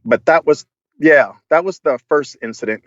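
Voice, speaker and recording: A man's voice: fairly high pitch, normal speed, fairly bright tone, highs cut off. A man guesting on a podcast, telling stories casually, laughing a lot and swearing freely with many restarts. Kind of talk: casual storytelling.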